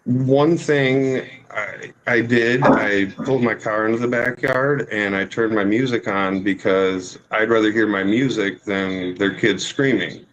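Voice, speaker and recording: A man's voice: fairly low pitch, steady tone, unhurried, muffled recording. Rambling, apologetic man in court. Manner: rambling, apologetic, full of fillers. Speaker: litigant testifying in court. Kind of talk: courtroom testimony.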